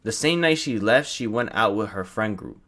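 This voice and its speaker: In a storytime vlog, a young man with a lowish voice casually retells something that happened to him at a moderate pace. He's animated and profane, packing in slang and acted-out quotes.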